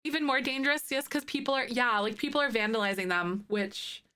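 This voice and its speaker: On the high side and a little fast, this woman's voice sounds pushed and bright, clear and resonant. In her thirties, she chats casually with live viewers from her green-screen home setup, giggly and bubbly, gushing about things she adores.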